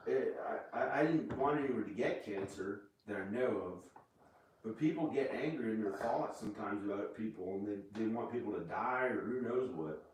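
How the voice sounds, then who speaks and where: A man talking casually as host, halting and restarting his sentences often, recorded in a room of a house. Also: on the low side, a little hiss or hum. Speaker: channel host. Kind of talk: casual chat. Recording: echoey room, far from mic.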